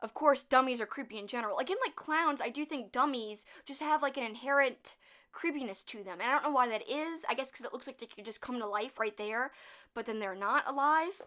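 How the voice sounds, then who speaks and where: Young female host, bright and chatty, animated movie talk. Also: sits high, fairly quick. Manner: chatty, laughing at the film, acts out quotes. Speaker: channel host.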